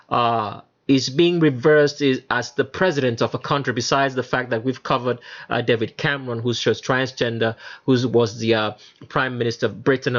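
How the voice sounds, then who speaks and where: A man's voice: medium pitch, muffled recording. A man hosting his own channel, talking emphatically in a solo monologue over pictures, with many fillers and restarts. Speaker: channel host.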